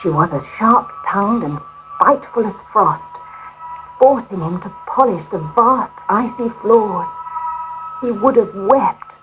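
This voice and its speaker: Slow, expressive woman storyteller. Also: mid-range voice, soft background music, poor audio. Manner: gentle, expressive. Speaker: narrator. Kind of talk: storybook narration.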